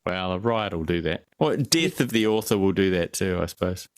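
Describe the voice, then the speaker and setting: A man's voice: deep voice, lively intonation, brisk, no echo, studio quality. A man co-hosting a casual film review chat, rambling and jokey, often breaking off mid-sentence. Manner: rambling, jokey, self-interrupting. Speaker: podcast co-host.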